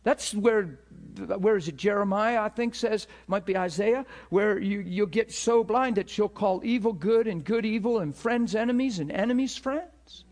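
Emphatic high-voiced male preacher. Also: moderate pace, hardly any pauses. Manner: animated, emphatic, acts out dialogue with rising pitch. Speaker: preacher teaching a ministry school. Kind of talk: sermon storytelling.

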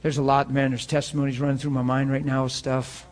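A pastor delivers an informal sermon to students, both in the room with him and watching online. His medium-pitched voice stays flat and moves at a quick clip as he shares personal stories earnestly and conversationally, then closes in prayer.

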